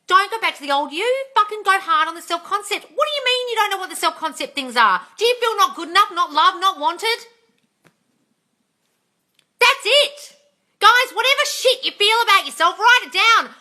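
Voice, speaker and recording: Lively, bright-voiced woman coach. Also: very high-pitched, normal speed. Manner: blunt, swears freely, ranting then laughing. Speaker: manifesting coach. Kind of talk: live-stream Q&A, reading comments aloud. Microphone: phone.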